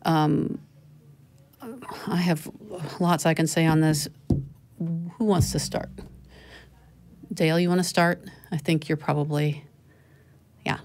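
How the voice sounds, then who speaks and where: Low-voiced chatty woman host. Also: little pitch movement, takes it slowly, pauses often, noisy background. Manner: chatty, laughing, self-correcting. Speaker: show host. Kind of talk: casual panel chat.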